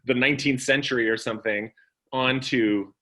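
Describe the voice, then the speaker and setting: A man's voice: medium pitch, fairly even intonation, pushed and bright. Thoughtful male anthropologist guest. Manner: measured, thoughtful explaining. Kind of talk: conversational interview.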